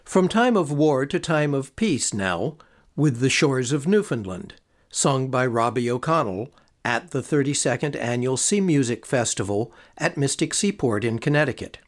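A man working as a radio host, announcing songs in a smooth, measured, scripted way. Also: mid-range voice, big pitch swings.

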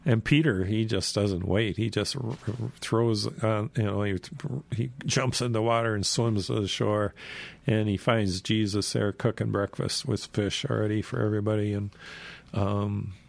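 Rambling man with a gravelly voice. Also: lowish voice, steady tone, moderate pace, no room sound. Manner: rambling, full of fillers and asides. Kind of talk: casual retelling of Bible stories.

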